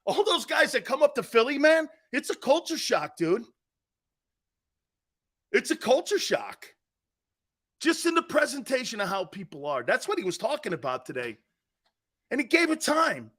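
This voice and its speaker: A man hosting a sports talk show, telling loud stories, acting out voices, swearing and laughing. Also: very high-pitched, sing-song, normal speed, pauses often. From East Coast of the USA. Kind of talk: animated sports radio monologue.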